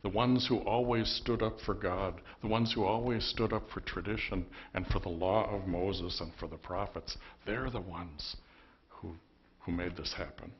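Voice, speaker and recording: A man's voice: low voice, fairly even intonation, normal speed, lo-fi sound. A man preaching a sermon as pastor, telling the story conversationally with emphatic bursts. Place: church.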